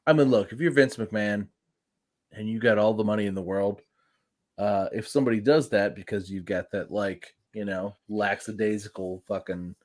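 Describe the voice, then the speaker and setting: A man's voice: on the low side, steady tone, moderate pace, a little mellow. A man co-hosting a casual podcast, brash and joking, throwing out exaggerated threats. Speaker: podcast co-host. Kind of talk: casual chat.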